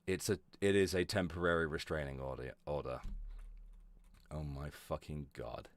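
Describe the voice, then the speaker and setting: A man's voice: extremely low pitch, steady tone, normal speed, no room sound. A man streaming live, giving sarcastic, heavily profane commentary, often breaking into laughter. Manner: sarcastic, swears constantly, often laughs and trails off.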